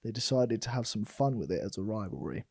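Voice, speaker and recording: A man's voice: on the low side, fast, gravelly. A man co-hosting a chat show, telling office stories and laughing often. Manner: laughs often, animated when telling a story. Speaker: podcast co-host. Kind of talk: casual chat, storytelling.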